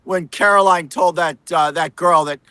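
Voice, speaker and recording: Sarcastic American reporter guest, high and bright, dry sound. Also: male voice, steady tone, normal speed, smooth, dry recording, rough recording. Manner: sarcastic, mocking impressions. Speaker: political reporter. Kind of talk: casual political talk.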